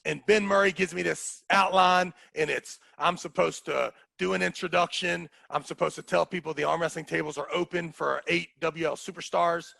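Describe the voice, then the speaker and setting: A man telling animated, profane stories in casual conversation, acting out what others said. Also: on the high side, normal speed, gravelly, hardly any pauses, no room sound. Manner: animated, profane, acts out quotes. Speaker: guest storyteller. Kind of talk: casual storytelling.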